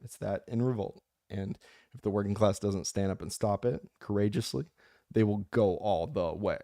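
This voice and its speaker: A man with a low, gravelly voice chats straight into the mic, dark in tone and dry in sound. He drifts between passionate rants and joking asides while reading comments from his listeners. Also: normal speed, no room sound. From United States. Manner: impassioned, rambling, jokey. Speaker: audiobook narrator and channel host. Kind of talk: casual chat reading comments.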